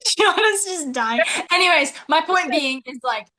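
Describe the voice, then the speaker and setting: A teenage girl with a bright, high voice chats loosely as a podcast co-host. She fills her talk with filler words and giggles and rambles through her stories. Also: animated, measured pace, a little hiss or hum. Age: teens. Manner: chatty, many filler words and frequent laughs. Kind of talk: casual storytelling.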